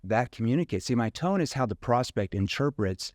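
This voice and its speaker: A man's voice: mid-range voice, lively intonation, brisk, a little mellow, dry recording, clean studio sound. A man, a sales trainer guest, explaining his method in casual interview talk, dotting sentences with "you know" and "right?".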